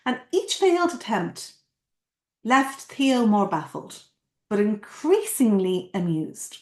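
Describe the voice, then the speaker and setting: Playful woman coach with a lively voice. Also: medium pitch, slow. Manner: playful, asks the listener questions. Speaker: coach and academy founder. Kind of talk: motivational talk with storytelling. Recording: roomy echo.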